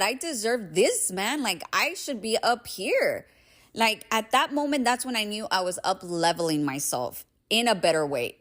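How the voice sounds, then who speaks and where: A young adult woman hosting her own podcast, talking in an emphatic, casual motivational monologue full of "like" and swearing. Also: on the low side. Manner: emphatic, swears freely, heavy use of "like". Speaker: podcast host.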